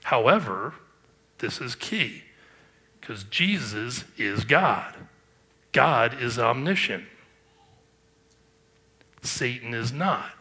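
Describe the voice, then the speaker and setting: A man's voice: medium pitch, very animated, a little slow, sharp tone. A man preaching a sermon, earnest and emphatic, with rhetorical questions. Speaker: pastor.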